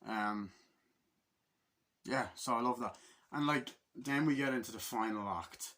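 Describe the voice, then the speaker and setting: Excitable swearing man recapping a film. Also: mid-range voice, a little slow. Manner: profane, excitable, acts out scenes with sound effects. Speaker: movie reviewer. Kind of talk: casual rambling film recap.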